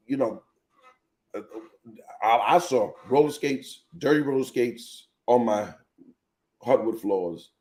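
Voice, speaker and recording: A man hosting a live teaching show as a pastor, telling animated personal stories and speaking straight to his viewers. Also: mid-range voice.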